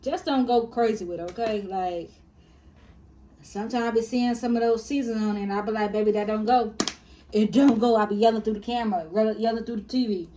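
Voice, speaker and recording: A woman's voice: fairly high pitch, fairly even intonation, fairly quick, warm tone, a little hiss or hum. A woman, chatting casually to her viewers as she cooks in her home kitchen and calls them y'all and baby. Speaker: cooking vlogger. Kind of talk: casual cooking tutorial.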